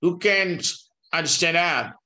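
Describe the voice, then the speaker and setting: An older man, a law professor giving a university lecture in English, slow and halting, with frequent pauses and restarts. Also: fairly high pitch, expressive, pushed and bright. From Indonesia. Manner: mixes in Dutch legal text.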